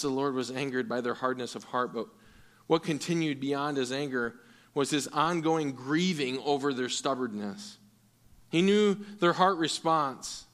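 Earnest preaching man, bright voice. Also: medium pitch. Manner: earnest preaching, repeats words when restarting. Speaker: pastor. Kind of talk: sermon.

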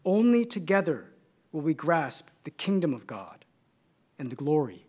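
Californian-accented male preacher, measured, emphatic, builds points by repetition. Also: fairly high pitch, sing-song, dark tone. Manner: measured and emphatic, building through repeated phrases. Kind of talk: sermon.

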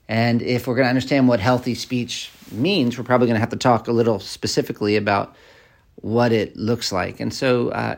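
A man giving a conversational sermon, halting with many fillers and restarts as he explains everyday application. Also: mid-range voice, creaky. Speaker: preacher. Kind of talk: sermon application with acted examples.

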